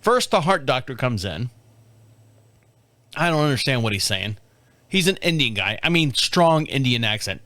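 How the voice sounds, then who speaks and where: A podcast host in his fifties tells a story casually and candidly, swearing and laughing a lot. His mid-range voice is sing-song and sharp, at normal speed with frequent pauses, and there's no room sound.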